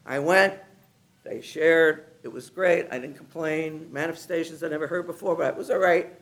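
Man with a high, bright voice; lively testimony speaker who plays out dialogue and laughs often. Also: moderate pace. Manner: animated storyteller, acts out other people's lines; laughs often while talking. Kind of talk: personal testimony told to a live group. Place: meeting room with a gathered group.

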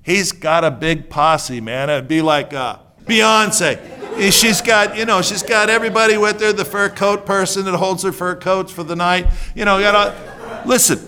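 A man preaching a sermon in an animated, conversational way, joking with the congregation and swinging between hushed asides and loud outbursts. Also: high-pitched, unhurried.

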